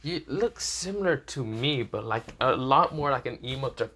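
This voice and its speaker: A man's voice: medium pitch, animated, normal speed, fairly bright tone. A man voicing a puzzled, mild-mannered young man full of questions. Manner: confused, questioning.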